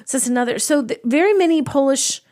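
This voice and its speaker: A woman with a slightly high voice, chatting on a podcast about a road trip. She tells stories with animated energy and laughs often between sentences. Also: quick pace. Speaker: podcast host. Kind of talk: casual chat.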